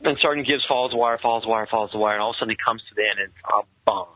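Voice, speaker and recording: A man telling a personal story in earnest, halting conversational speech with many restarts. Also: lowish voice, no room sound. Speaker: guest telling his story. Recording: tinny, phone-like sound.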